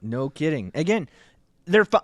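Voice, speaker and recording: Male co-host, fairly high voice, dry close sound, opinionated and rambling. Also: sing-song, moderate pace, dry recording. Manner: opinionated, rambling, frequent restarts. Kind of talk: casual political chat.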